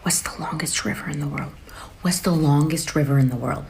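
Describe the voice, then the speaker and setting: A woman teacher reading test questions slowly, with heavy emphasis. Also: low-pitched, steady tone, vocal fry, a little mellow, slight background noise. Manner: slow, over-emphatic questions.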